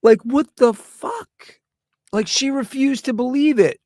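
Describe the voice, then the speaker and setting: A man's voice: high-pitched, no echo, clean studio sound. A middle-aged man, hosting a show with a rambling, profane, sarcastic comedic rant. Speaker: podcast host.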